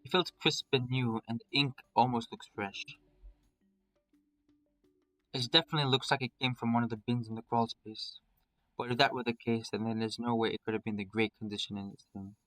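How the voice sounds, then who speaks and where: A man's voice: mid-range voice, fairly even intonation, brisk, fairly bright tone, soft background music, rough recording. A man reading a visual novel aloud in a dramatic first-person storytelling manner. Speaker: narrator.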